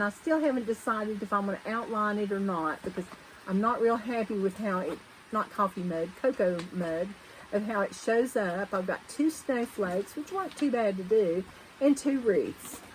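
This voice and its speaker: A woman's voice: medium pitch, slight background noise, low-quality recording. A woman chatting casually at home about her cross-stitch projects, rambling and correcting herself as she goes. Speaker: cross-stitch vlogger host. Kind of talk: casual show-and-tell chat.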